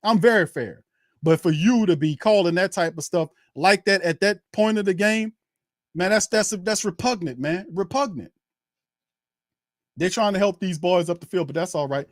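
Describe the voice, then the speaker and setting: A man's voice: sits high, normal speed, dry recording, clean studio sound. Fired-up New man ranting at refs. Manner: heated, indignant ranting with repeated words. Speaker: host of a fan watch party. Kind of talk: live fan play-by-play commentary.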